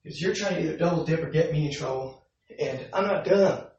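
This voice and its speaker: A man's voice: on the high side, fairly quick, darkish tone, lo-fi sound, slight background noise. A young man casually recounting a story, animatedly acting out both sides of an argument with laughs. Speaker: vlogger. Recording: very echoey room, mic far off.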